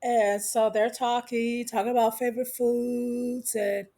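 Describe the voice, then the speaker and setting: A woman's voice: a little high, flat delivery, measured pace, warm tone. A woman vlogger casually recapping a show, sassy, gossipy and blunt.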